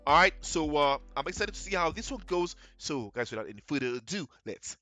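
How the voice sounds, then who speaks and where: Bright-voiced male reaction host. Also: on the high side, sing-song, brisk, faint music behind. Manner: chatty, speaks straight to viewers. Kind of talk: casual reaction chat.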